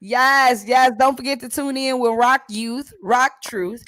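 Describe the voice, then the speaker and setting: A woman hosts a church youth show in a lively, playful way, laughing often and slipping into preaching. Her voice sits fairly high and sounds dry and close. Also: unhurried, no echo. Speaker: host.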